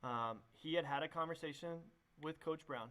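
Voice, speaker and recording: A man's voice: on the high side, normal speed, a bit bright. Young man, youth pastor, casual testimony, rambling, lots of fillers. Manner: rambling, many fillers and restarts.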